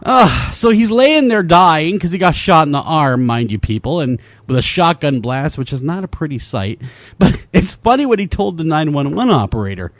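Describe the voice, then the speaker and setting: A man's voice: fairly high pitch, normal speed, dry recording. A man co-hosting a talk show, joking and reading a news story aloud in casual chat. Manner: animated, jokey, reads news aloud. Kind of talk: casual radio-style chat.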